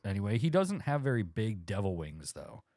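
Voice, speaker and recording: A man's voice: lowish voice, sing-song, a little fast, dark tone. A man co-hosting a podcast in casual comedic chat, jokey and prone to stammering restarts. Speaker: podcast co-host.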